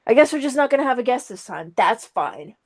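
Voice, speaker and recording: A woman's voice: high-pitched, expressive, quick pace. A young woman co-hosting a streamed talk show in casual, crude chat, giggling often and trailing off with fillers.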